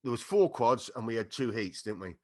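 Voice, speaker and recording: With a medium-pitched voice and a fairly quick pace, a middle-aged man tells a funny story as a podcast guest. The casual, animated telling is full of laughter and acted-out quotes.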